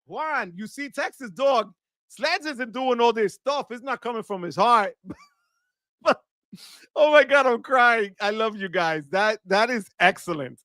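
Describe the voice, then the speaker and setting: A man hosting a live stream, excitedly thanking viewers one by one and often shouting out a cheer. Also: extremely high pitch, a little slow, dry recording, clean studio sound. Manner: enthusiastic, shouts "wepa" often. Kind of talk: live stream super chat shout-outs.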